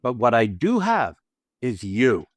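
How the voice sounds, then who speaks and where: A man's voice: medium pitch, wildly swooping pitch, takes it slowly, no echo, clean studio sound. A man hosting a podcast as an acting teacher, talking casually and animatedly, swearing freely and acting out little scenes with quoted lines.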